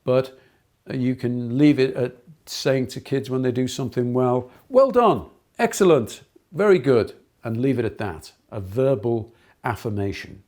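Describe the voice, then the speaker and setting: A man's voice: mid-range voice, little pitch movement, measured pace, warm tone. A middle-aged man giving an earnest lecture to trainee teachers, telling anecdotes with many fillers and restarts.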